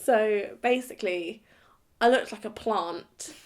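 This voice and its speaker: A woman's voice: medium pitch, slow pace. A woman in her thirties telling a funny personal story to camera in a chatty, giggly way, acting out what people said. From Britain. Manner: chatty, giggly, acts out quoted dialogue. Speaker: vlogger. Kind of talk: comic storytime monologue.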